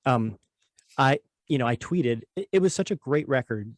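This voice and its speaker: A man's voice: medium pitch, lively intonation, normal speed. A man hosting an interview, rambling a little and restarting phrases as he asks his questions. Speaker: podcast host.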